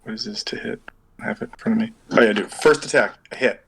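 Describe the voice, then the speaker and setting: A man's voice: on the low side, fast, creaky, fairly bright tone, breathy edge, poor audio. A man running a tabletop game as game master over an online call, rambling and thinking aloud as he works out dice math.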